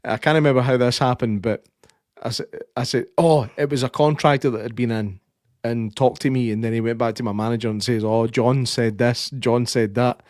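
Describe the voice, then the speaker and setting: A Scottish man co-hosting a podcast chats in a casual, sweary way, often breaking into laughter as he tells his stories. His voice sits at a middling pitch for a man. The recording is dry and close, with no room sound. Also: fairly even intonation, brisk, a little mellow, no room sound. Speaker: podcast co-host. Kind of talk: casual chat.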